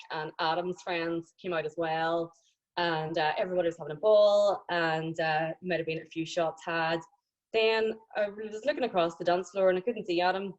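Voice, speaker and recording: A young woman with a Northern Irish accent telling a personal story over a video call, animated and laughing often. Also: on the low side, highs cut off. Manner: animated, laughing, acting out quoted voices.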